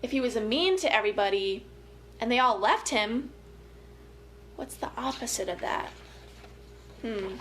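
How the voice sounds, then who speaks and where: A young woman family educator reads a picture book aloud to young children, stopping often to chat with them in a gentle, playful way. Her voice sits high, and she takes her time with each line. A faint hum runs behind her. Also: lively intonation, a little slow, pauses often. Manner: gentle, playful, chatty asides to young listeners.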